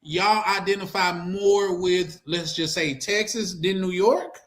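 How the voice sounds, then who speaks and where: A man hosting a casual group talk, bantering in an animated, slangy way and often laughing. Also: sits high, slow. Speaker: host.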